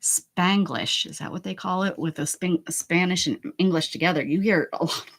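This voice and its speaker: A woman's voice: lowish voice, moderate pace. Chatty woman live-streaming her art. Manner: chatty, talks to viewers in chat while working; playful, exclaims and jokes. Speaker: livestreaming art journal creator. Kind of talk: casual live-stream chat while crafting.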